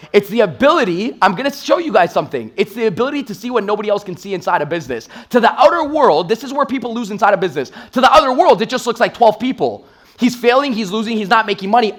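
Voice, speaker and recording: Man in his thirties, from Toronto, sales trainer on stage, high voice, rapid hype delivery. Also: fairly bright tone. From Toronto, Canada. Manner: intense, hype-driven storytelling with acted-out quotes. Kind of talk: energetic motivational stage talk. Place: stage in a live event room.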